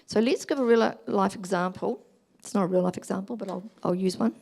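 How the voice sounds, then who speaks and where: A middle-aged woman giving a talk at a church family weekend, explaining gently and acting out examples. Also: mid-range voice, fairly quick, creaky. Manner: gentle, explanatory, acts out examples in quoted voices.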